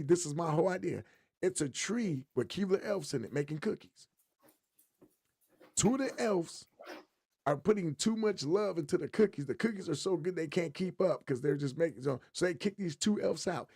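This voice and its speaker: A man's voice: a little high, a little fast, breathy edge. A man co-hosting a podcast, chatting casually and telling jokey stories with lots of energy. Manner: animated, joking storyteller. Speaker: podcast co-host. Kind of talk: casual chat.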